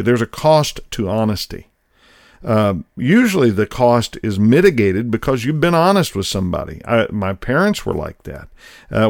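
A man's voice: medium pitch, gravelly, dry recording, clean studio sound. A middle-aged man hosting a podcast, telling a personal story in a folksy, conversational way. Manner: folksy, conversational, acts out quoted voices. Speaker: podcast host.

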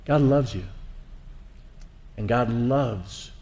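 A man's voice: medium pitch, extremely slow, creaky, darkish tone, a little hiss or hum. A man teaching about faith in a reflective way, asking the listener questions. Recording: long reverb.

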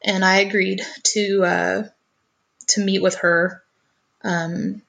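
A woman's voice: mid-range voice, flat delivery, takes it slowly, gravelly, fairly bright tone. A woman telling a personal family story in conversation, earnest and often repeating her first words as she goes.

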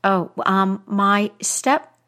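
A woman's voice: mid-range voice, drawn-out words, bright, forceful tone. A woman voicing a frightened young girl who speaks in a small, hesitant voice. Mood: timid.

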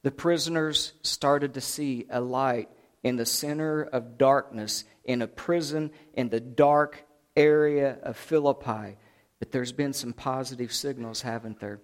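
Slow, dramatic male preacher. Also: medium pitch. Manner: dramatic retelling with big swings from hushed to loud. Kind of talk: sermon.

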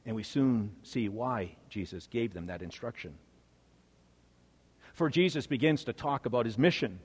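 A male preacher delivering a sermon with dramatic storytelling, swinging from hushed to emphatic. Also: medium pitch, lively intonation, normal speed, slightly rough, long reverb tail.

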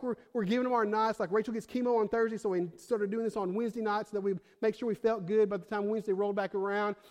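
A young pastor with a fairly high voice delivers a sermon in church as if chatting with friends, peppering it with "like" and "bro." He moves between hushed, intimate storytelling and loud, fired-up emphasis.

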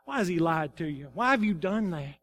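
A man's voice: high voice, animated, fairly quick, a bit bright, voice pushed down. A man acting out a stern male apostle in a sermon, firing accusing questions at a liar.

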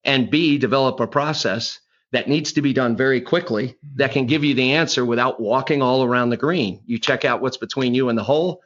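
A man's voice: medium pitch, a little fast, fairly bright tone, lo-fi sound. A middle-aged man, a golf instructor, telling rambling anecdotes in a podcast conversation, often restarting and acting out quotes. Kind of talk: conversational storytelling interview.

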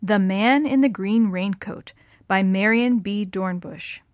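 Lady reading a kids story, gentle clear voice, dry close mic. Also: mid-range voice, takes it slowly, no echo. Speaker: storyteller for children. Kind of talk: reading a story aloud to children.

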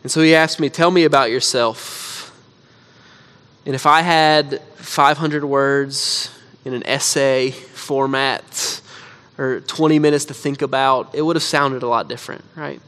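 A man, a pastor, preaching a sermon in a casual storytelling way, often saying "like," then dropping to quiet, earnest emphasis. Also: mid-range voice, fairly even intonation, measured pace, clear, resonant tone. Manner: conversational storytelling with frequent "like".

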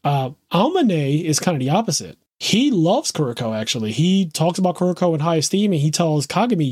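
Quick, slightly high-voiced male podcaster. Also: sing-song, a little mellow, husky, dry recording, clean studio sound. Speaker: podcast co-host. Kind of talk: casual chat.

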